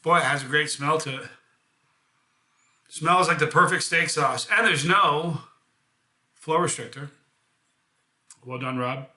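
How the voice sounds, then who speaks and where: Man, American, bright ringing voice, casual live review host, chatty and upbeat, echoey room. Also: on the high side, a little slow, pauses often. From United States. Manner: chatty, enthusiastic, self-deprecating jokes. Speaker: hot sauce reviewer and channel host.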